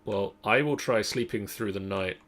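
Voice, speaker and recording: A young man streaming a game, chatting casually with his co-player and with his viewers in an unhurried way. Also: on the low side. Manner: unhurried, talks to chat. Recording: faint keyboard clicks behind.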